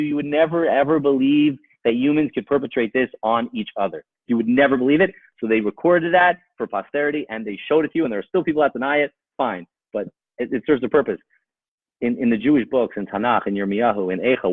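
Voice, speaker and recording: A man's voice: medium pitch, no echo, narrow, tinny audio. A man speaking as a rabbi, giving an emphatic talk to a live audience, full of rhetorical questions and repeated phrases.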